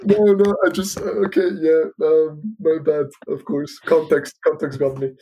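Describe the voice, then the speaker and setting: A young man guest on a podcast, hesitant with many restarts, animated when telling a story. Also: a little high, normal speed, lo-fi sound, slight background noise. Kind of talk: casual storytelling.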